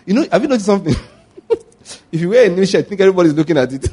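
A man in his forties preaches with animated stories. He breaks into laughter often and throws questions back at the congregation. His voice sits a little higher than most men's. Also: rapid-fire, husky. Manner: animated storytelling with call-and-response questions. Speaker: pastor. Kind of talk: sermon.

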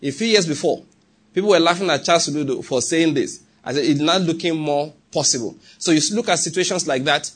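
In a sermon full of urgent conviction, a man with a Nigerian English accent pauses again and again to make sure his hearers are keeping up. He speaks in a slightly high register with a breathy, husky edge.

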